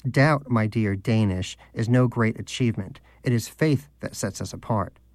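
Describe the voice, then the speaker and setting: A man's voice: lowish voice, moderate pace, a little mellow, no echo, lightly acted. A man voicing a pompous, devout male pet hamster who lectures in a lofty, condescending manner, as an audiobook character. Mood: preachy.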